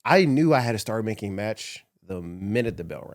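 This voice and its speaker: A man's voice: on the low side, expressive, moderate pace, no echo, studio quality. A man, a former wrestler, recalling his career in a casual interview, laughing often as he talks. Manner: laughs often, emotional recollection. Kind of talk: casual storytelling.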